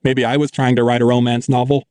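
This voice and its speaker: A man's voice: mid-range voice, little pitch movement, quick pace, a little mellow, clean tone, dry recording, clean studio sound. Man narrating a wry first-person audiobook.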